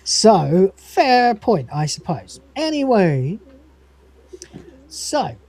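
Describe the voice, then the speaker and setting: A man hosting a livestream, casually recapping a comedy episode, swearing and rambling, reading out lines in quick voices. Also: high-pitched, big pitch swings, a little mellow. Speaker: podcast host.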